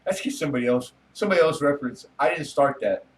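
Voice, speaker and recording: A man's voice: fairly high pitch, animated, fast, recorded from a distance, rough recording. A man hosting a casual late-night livestream, rambling, joking and swearing casually with his viewers. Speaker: livestream host chatting with viewers.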